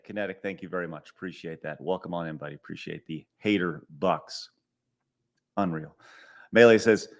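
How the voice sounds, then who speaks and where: Reading viewer super chats on a live stream, this middle-aged podcast host rants with exasperation, repeating himself, tripping over words and cursing. He stutters and restarts frequently, his voice medium-pitched and fairly bright.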